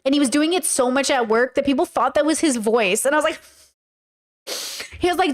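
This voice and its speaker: A woman with a high voice hosts a casual commentary video, reacting to viewer comments. She rambles animatedly, full of fillers, and keeps slipping into playful mimicked voices. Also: fairly quick. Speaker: YouTuber and podcast host.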